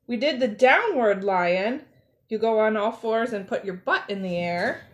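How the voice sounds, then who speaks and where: A woman's voice: medium pitch, lively intonation, a little slow. A woman who works as a zoo educator, reading a picture book aloud and encouraging children to join in. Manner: encouraging, talks directly to children. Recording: roomy echo.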